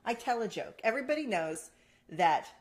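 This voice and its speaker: On a casual chat show, a female co-host with a higher voice talks at normal speed. Her manner is playful: she teases her partner and launches into lively stories, laughing along the way.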